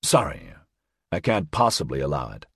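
Man voicing a guarded low doctor, measured and clinical, husky, dry recording. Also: sing-song, fairly bright tone, dry recording, heavily acted. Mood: wary. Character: cautious, guarded male doctor, low-voiced.

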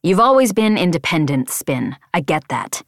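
A woman's voice: fairly low pitch, very animated, normal speed, no room sound, clean studio sound. A woman voicing a stern young male flight leader who speaks firmly and lectures. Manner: firm, lecturing.

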